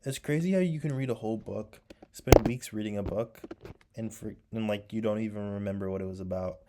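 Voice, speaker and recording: A man's voice: fairly low pitch, fairly quick, very noisy. A young man with a sore throat chatting casually while he paints, rambling and nostalgic, with many fillers. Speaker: vlogger.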